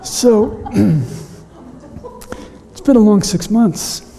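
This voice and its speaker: A middle-aged man preaching a sermon in a weakened, hoarse voice. He speaks with emotion, haltingly, and often drops to a whisper. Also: high-pitched, crowd noise. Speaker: pastor. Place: church sanctuary. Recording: reverberant church hall.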